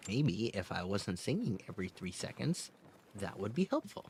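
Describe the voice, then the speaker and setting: A man streaming a game and chatting casually, his voice strained and hoarse, laughing often and swearing. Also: mid-range voice, big pitch swings, normal speed, a little hiss or hum.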